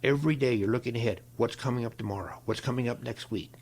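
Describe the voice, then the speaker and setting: An older man, a guest in an interview, telling stories in a folksy, animated way, with a gravelly, husky voice. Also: medium pitch, fast. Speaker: interview guest, longtime equipment manager. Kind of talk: storytelling in a conversation.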